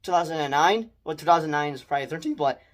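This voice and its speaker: A young man giving a casual spoiler movie review, rambling and excitable, with many restarts and mild swearing. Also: on the high side, fast talker.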